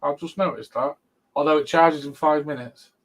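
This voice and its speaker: A man's voice: a little high, steady tone, normal speed, rough recording. A man hosting a casual chat, laid-back and chatty, often laughing. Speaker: host.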